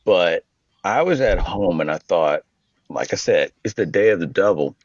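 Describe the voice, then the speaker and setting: A man co-hosting a podcast in casual, profane chat, riffing excitedly and slipping into mock voices. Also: low voice, normal speed, no echo. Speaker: podcast co-host. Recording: dull lo-fi podcast audio.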